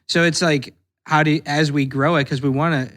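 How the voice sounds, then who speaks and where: A man co-hosting a podcast, chatting in a relaxed, casual way. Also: a little high, a little fast. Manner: relaxed, casual, swears in passing. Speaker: podcast co-host.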